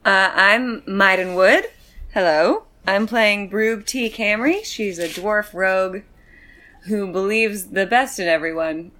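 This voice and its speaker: A woman's voice: mid-range voice, slow pace, pushed and bright. A woman playing in a tabletop game, easygoing and laughing in casual chat. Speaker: player.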